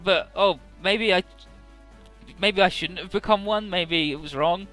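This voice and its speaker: A man's voice: high-pitched, a little slow, bright, forceful tone, soft background music, voice pushed up. A man voicing a self-doubting young female cyborg soldier as he paraphrases game dialogue, earnest and wistful.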